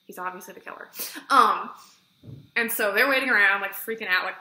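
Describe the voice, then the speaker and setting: A woman's voice: mid-range voice, fairly quick. Chatty woman in an echoey room. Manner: chatty, fillers of "like", excitable retelling. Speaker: book reviewer. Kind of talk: casual vlog book review. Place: room at home with a bookshelf.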